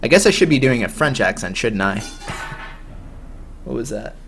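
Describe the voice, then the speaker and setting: A man's voice: medium pitch, animated, moderate pace, gravelly, a bit bright. A man casually commenting while streaming a game, offhand, chatty and self-mocking.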